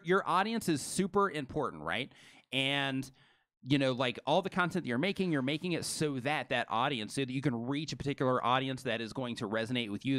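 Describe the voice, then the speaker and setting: This live stream co-host talks fast and energetically, filling his speech with "you know" and "right." His medium-pitched voice is close-miked and dry, with no room sound.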